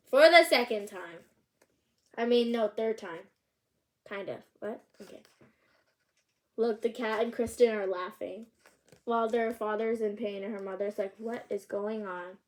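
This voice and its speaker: A woman's voice: on the high side, darkish tone. Woman reading a picture book aloud with chatty asides.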